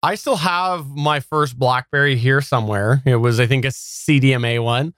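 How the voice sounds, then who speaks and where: A man with a mid-range voice weighs in on tech news in a measured, wry way and hesitates now and then. His mic sound is dry and close. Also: mid-range voice, a bit bright, no echo. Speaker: tech podcast co-host. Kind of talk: casual podcast chat.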